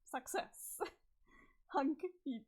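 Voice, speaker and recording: A woman reads a webcomic aloud on a livestream, chatting and reacting as she goes. She laughs often and swears casually. Her voice is high. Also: expressive, drawn-out words, a little mellow, slight background noise. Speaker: streamer reading a webcomic aloud. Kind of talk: casual livestream reading and commentary.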